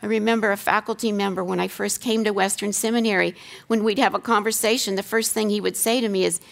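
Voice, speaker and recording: A woman's voice: medium pitch, steady tone, quick pace, creaky. A middle-aged woman gives an earnest teaching talk on scripture. She asks rhetorical questions and repeats key lines for emphasis. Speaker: seminary teacher giving a talk.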